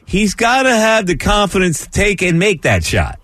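A man hosting a sports talk radio show, animated, laughing often and acting out movie lines. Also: sits high, moderate pace, dry recording.

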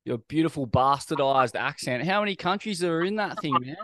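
A man's voice: on the high side, lively intonation, brisk, fairly bright tone, dry recording. A man hosting a casual interview who talks with loose enthusiasm and searches for his words. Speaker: podcast host.

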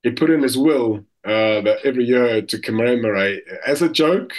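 A man's voice: medium pitch, normal speed. A man from South Africa, a former paratrooper, chatting as an interview guest and telling army anecdotes. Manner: anecdotal, acts out shouting corporals. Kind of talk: casual interview chat.

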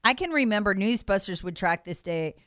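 A woman's voice: mid-range voice, animated, a little fast, fairly bright tone, no room sound, clean studio sound. A woman giving emphatic, indignant political commentary on a talk show, mocking the officials she quotes.

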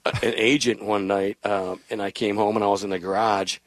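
A middle-aged man with a very deep voice talks football business on a radio show. He rambles and restarts his sentences often. His voice is recorded close and dry, with no room sound. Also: steady tone, fairly quick, dry recording. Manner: rambling, with many restarts, and laughs while telling family stories. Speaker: football team general manager. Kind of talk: casual radio interview chat.

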